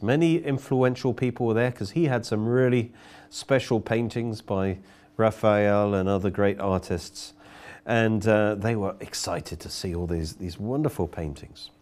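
A man's voice: on the low side, a little slow, a little mellow. A man preaching a sermon, telling a story earnestly and often repeating words as he goes.

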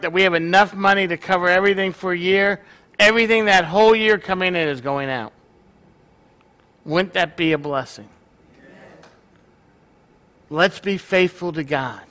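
A man's voice: sits high, bright, forceful tone. A male pastor preaching a sermon in a joking, conversational way to his congregation.

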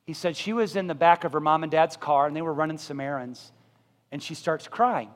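High-voiced pastor preaching in an echoing church. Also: male voice, fairly quick. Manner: impassioned, rising to loud emphatic peaks. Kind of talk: sermon. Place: church sanctuary. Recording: reverberant church hall.

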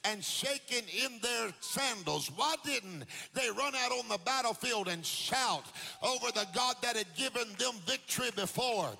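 A man preaching a sermon in church in a sing-song cadence that climbs into shouts. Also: extremely high pitch, lively intonation, a little slow, gravelly. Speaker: pastor. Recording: long hall reverb with faint music.

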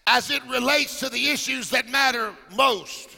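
A man preaching a sermon, chanting in a sing-song rhythm and shouting at the peaks, in a large church. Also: very high-pitched, moderate pace, creaky. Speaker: pastor. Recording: church hall reverb with music.

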